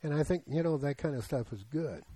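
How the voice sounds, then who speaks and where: A man's voice: fairly high pitch, animated, brisk, dark tone, husky, no echo, low-quality recording. Give me an older male pastor preaching conversationally. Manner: conversational, asks the congregation questions. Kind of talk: sermon.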